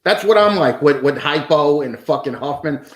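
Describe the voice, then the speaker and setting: A man with a fairly high voice is a guest on a podcast, ranting and cursing freely in casual, profane chat. He's expressive and talks at a normal speed, but keeps restarting as he drifts off on a tangent. The room gives his voice a spacious echo.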